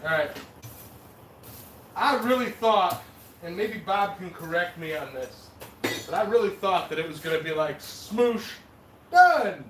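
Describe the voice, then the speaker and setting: A man forging metal as he chats casually with a livestream audience and greets viewers by name in a relaxed, talkative way. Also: sits high, normal speed, long pauses, far from the mic. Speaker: blacksmith streamer. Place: metal forge workshop. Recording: echoey workshop from off-mic with loud forge noise.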